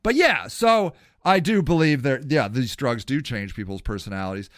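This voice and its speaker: Blunt, profane man with a crisp voice. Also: high-pitched, sharp tone, dry recording, studio quality. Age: older. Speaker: podcast host. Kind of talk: casual monologue.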